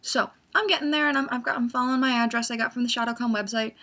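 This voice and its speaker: A young woman tells a story to her vlog audience in a relaxed, chatty way. Her voice sits a little high, and she brings the story to life by acting out her own reactions. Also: very fast. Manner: animated, acts out her own excitement with gasps and squeals. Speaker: vlogger.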